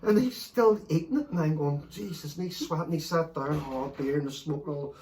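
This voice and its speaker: A man, telling stories in a sweary, animated late-night chat, laughing as he goes. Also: a little high, brisk, recorded from a distance, a little hiss or hum. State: a bit stoned. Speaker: podcast host.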